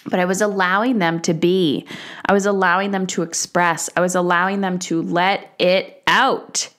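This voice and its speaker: A woman in her thirties talks through a solo podcast episode in a low-pitched voice. She speaks candidly, swears now and then, and slips into the voices of the people she quotes. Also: steady tone, normal speed, fairly bright tone. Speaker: podcast host.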